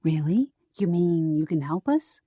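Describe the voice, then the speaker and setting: A woman's voice: fairly low pitch, animated, a little slow, mellow, breathy edge, dry recording, studio quality. Woman reading an eager young sleuth. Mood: earnest. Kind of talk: audiobook character voice.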